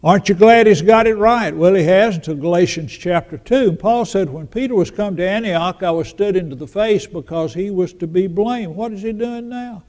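A man's voice: high-pitched, normal speed, few pauses, darkish tone. An older man preaching a sermon in a folksy storytelling manner, acting out the voices of the people he quotes. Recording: long reverb in a large hall.

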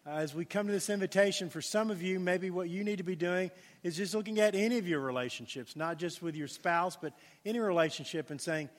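A man preaching a sermon as pastor, telling a story with lively emphasis and dropping to a hushed tone for prayer. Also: high-pitched, fairly quick, hardly any pauses, big-room sound.

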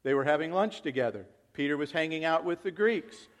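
Male pastor, high voice, conversational sermon with acted-out quotes and big swings in loudness. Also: lively intonation, fairly quick.

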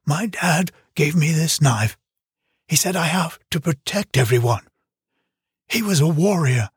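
A man's voice: on the high side, animated, a little slow, husky, dry recording, studio quality, pitched above the performer's own voice, exaggerated voice. A man voicing a moody, proud twelve-year-old boy in an audiobook, answering curtly and defiantly. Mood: sulky. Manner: curt, sulky, defiant. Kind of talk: audiobook character reading.

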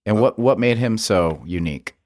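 A man's voice: fairly low pitch, lively intonation, normal speed, darkish tone, dry recording. A man hosting a casual interview, prompting guests with short questions. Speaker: host interviewer.

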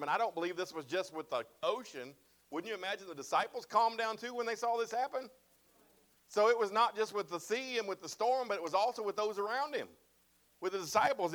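High-voiced emphatic male preacher. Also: a bit bright. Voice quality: bald-headed preacher, self-described. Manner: emphatic, repeats phrases and asks "right?" and "amen?". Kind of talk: sermon.

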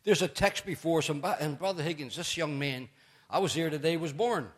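A man's voice: on the high side, a little fast, breathy edge. Chatty joking pastor, a man. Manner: chatty, joking asides with laughter, animated storytelling. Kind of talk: sermon.

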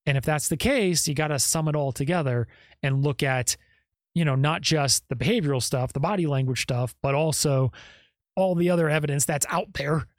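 A man's voice: fairly high pitch, dry recording. Guy ranting on his podcast, keeps going "okay? right?", dead dry sound. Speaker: podcast host. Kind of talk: casual commentary. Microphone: podcast microphone.

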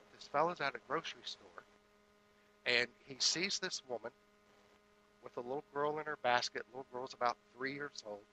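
A man giving a spiritual sermon in a measured, deliberate way, with pauses between phrases. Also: a little high, bright, forceful tone, a little hiss or hum, poor audio. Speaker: spiritual speaker.

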